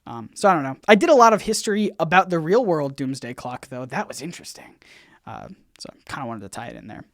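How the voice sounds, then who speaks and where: A man hosting a casual livestream Q&A, rambling and halting, full of fillers and restarts, with his volume bouncing up and down. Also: a little high, lively intonation, no room sound, clean studio sound. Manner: swings in loudness, bouncy. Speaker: YouTube channel host.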